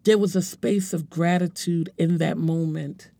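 Forties speaker for an emotional personal testimony: earnest, halting delivery, warm timbre, no room echo. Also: mid-range voice, steady tone, vocal fry. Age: 40s. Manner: earnest, halting, repeats words while searching for them. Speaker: speaker sharing a personal story.

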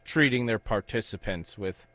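A man's voice: lowish voice, moderate pace, fairly bright tone. A man co-hosting a sports talk show, chiming in with wry, conversational remarks. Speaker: sports radio co-host.

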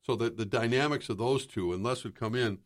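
A man's voice: mid-range voice, fairly quick. An older man, a sports broadcaster, telling rambling stories in casual chat and taking on voices for quotes. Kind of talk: casual storytelling.

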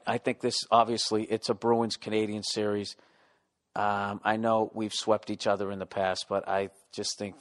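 A middle-aged man ranting casually and profanely as a podcast host, sounding exasperated. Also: medium pitch.

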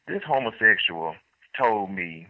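Calling in to a talk show, a man with a fairly low, sing-song voice takes it slowly through a rambling story full of restarts and bursts of laughter. The dull lo-fi phone line carries no room sound.

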